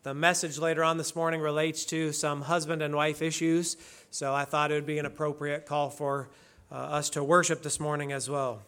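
A male pastor leading worship and preaching a sermon in an earnest, measured way. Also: on the high side, level tone, fairly bright tone, clean tone. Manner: earnest, measured preaching with slow emphatic readings.

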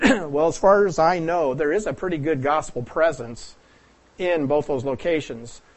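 A man from the US Pacific Northwest preaches at a moderate pace, his voice on the high side. His approach is that of a teacher working through material, and he questions the audience and clears his throat frequently.

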